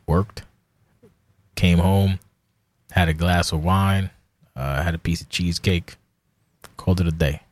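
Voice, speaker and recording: A man's voice: low voice, steady tone, measured pace, long pauses, dry recording. A man in his forties hosting a casual solo podcast, rambling and profane, self-deprecating about himself. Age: 40s. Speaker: podcast host.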